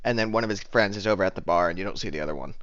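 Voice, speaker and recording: A man narrating as game master of a tabletop game, halting and full of restarts. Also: low voice, a bit bright, no echo, dull audio. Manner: halting, many restarts and fillers.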